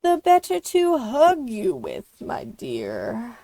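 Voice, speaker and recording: A woman voicing a sly, menacing male wolf in a storybook read-aloud, with a deep, scratchy growl. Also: very animated, extremely slow, creaky, mellow, heavily acted.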